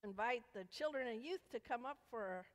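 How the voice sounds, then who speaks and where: A woman's voice: a little high, expressive, moderate pace. A woman leading a children's sermon in a church, coaxing the kids with playful questions. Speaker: children's message leader. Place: church sanctuary. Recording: echoey church hall.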